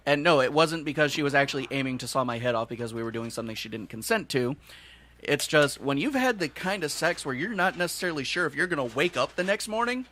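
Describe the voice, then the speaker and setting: A man's voice: fairly high pitch, expressive, fast, sharp tone. A man on a casual podcast, boastfully telling crude stories. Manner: boastful storyteller.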